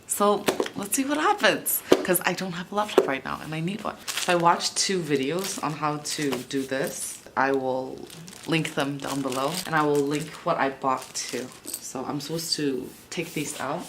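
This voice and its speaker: A woman's voice: low voice, normal speed, background noise. A young woman chatting and swearing freely as she vlogs herself fixing something. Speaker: vlogger. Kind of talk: casual vlog narration while working.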